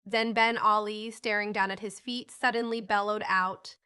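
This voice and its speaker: A woman's voice: mid-range voice, level tone, moderate pace, hardly any pauses, bright, forceful tone, clear, resonant tone. A woman narrating a children's storybook audiobook, reading each character in a lightly lifted voice.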